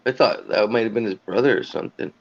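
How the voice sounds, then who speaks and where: A man's voice: on the low side, fast talker, highs cut off. An easygoing man in a casual group chat on a livestream, laughing often.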